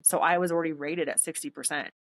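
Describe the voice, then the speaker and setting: A woman guest on a podcast, casually telling a story in a blunt, animated way, swearing freely and acting out what others said. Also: low voice, fast talker. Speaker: podcast guest, military veteran.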